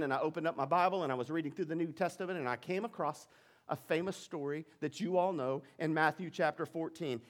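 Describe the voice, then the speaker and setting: A man pastor preaching a sermon, telling Bible stories with animated energy and building intensity. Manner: animated storytelling, rising in pitch and volume during dramatic retellings.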